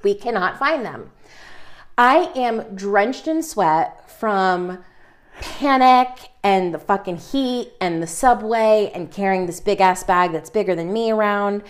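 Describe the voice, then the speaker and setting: A woman co-hosting a podcast, telling a story with lively, comic energy. She swears without a second thought and laughs through her words. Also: medium pitch, takes it slowly. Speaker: podcast co-host.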